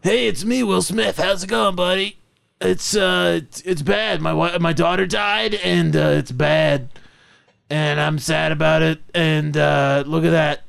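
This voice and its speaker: A man doing a deliberately bad, halting, mock-sad impression of a film star. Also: a little high, fairly even intonation, vocal fry, a bit bright, clean tone, exaggerated voice.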